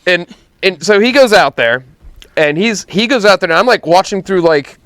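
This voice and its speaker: A man's voice: high voice, moderate pace, dry recording. A man telling a work story in casual chat, acting out the people in it. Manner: animated storyteller acting out quotes. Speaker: podcast co-host.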